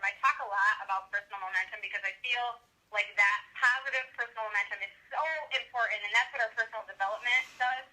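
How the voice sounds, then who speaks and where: Bright motivational woman giving a pep talk. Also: poor audio. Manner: pep-talk delivery, drops low at phrase ends. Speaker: guest speaker on a team call. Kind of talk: motivational speech.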